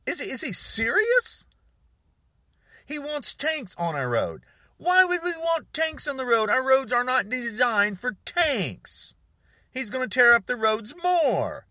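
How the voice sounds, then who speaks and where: High, lively exasperated ranting man. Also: slow pace, no room sound, studio quality. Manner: exasperated, sarcastic, heated. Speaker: political commentator. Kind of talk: ranting monologue to camera.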